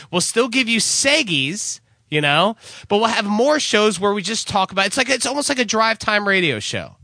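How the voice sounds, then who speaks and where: An excitable man co-hosting a podcast, rambling and stammering as he pitches a new idea in casual banter. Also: dry recording. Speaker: podcast co-host.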